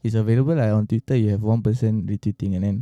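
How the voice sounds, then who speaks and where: A man's voice: lowish voice, fairly even intonation, very fast, mellow, no room sound, highs cut off. A man in a casual podcast panel chat, talking in a laid-back way, often correcting himself mid-sentence. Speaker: podcast co-host.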